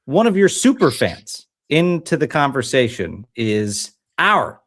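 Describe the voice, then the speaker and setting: A man hosting a political talk show, giving brisk news updates and teasing questions to his guest. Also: mid-range voice, very animated, fairly bright tone. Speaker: host.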